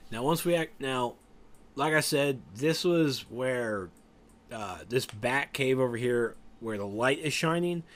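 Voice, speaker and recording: A tired, yawning man giving casual, rambling commentary over a game raid walkthrough, joking and trailing off as he tries to recall names. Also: medium pitch. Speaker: gameplay guide commentator.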